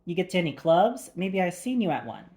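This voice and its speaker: Woman doing a deadpan male henchman. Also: lowish voice, fairly quick. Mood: understated. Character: male ex-commando henchman, calm, understated.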